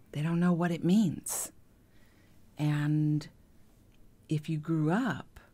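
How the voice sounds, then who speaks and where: Low-voiced woman, gentle reflective monologue. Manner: gentle, confiding, often drops to a soft hush. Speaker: podcast host.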